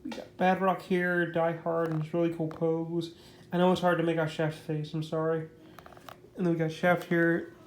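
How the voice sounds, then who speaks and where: Here a slightly high male voice speaks in a monotone at normal speed, reviewing a comic book casually. He rambles with plenty of "like" and "basically," restating his praise, and the recording has roomy echo plus a bit of hiss or hum.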